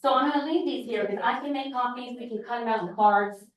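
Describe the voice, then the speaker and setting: A woman teacher giving an informal talk to a group, telling lively stories and acting out classroom exchanges. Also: a little high, quick pace, far from the mic. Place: large echoey church hall. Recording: very echoey hall, voice picked up from afar.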